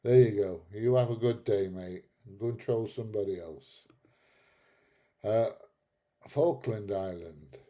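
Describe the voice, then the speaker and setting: Blunt, chatty man, low voice. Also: unhurried, pauses often, warm tone. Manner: chatty, blunt, swears, laughs at own jokes. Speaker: live stream host reading chat. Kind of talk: casual live stream chat.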